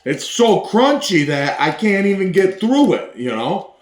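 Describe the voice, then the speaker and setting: Casting: a man with a higher-than-average voice hosting a loose, joking home cooking vlog, in an echoey kitchen. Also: sing-song, unhurried. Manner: loose, joking, hypes viewers, talks while eating. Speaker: home cooking video host. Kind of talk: casual cooking demonstration.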